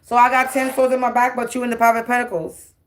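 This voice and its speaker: A woman's voice: fairly high pitch, little pitch movement, quick pace, slight background noise. A woman, giving a brash, profane, taunting spiritual tarot monologue. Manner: taunting, repetitive, defiant.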